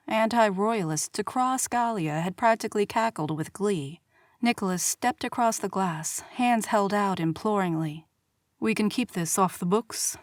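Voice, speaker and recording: A woman's voice: medium pitch, no echo. Woman narrating a romance audiobook, dry sound. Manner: measured, expressive storytelling. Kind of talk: scripted narration.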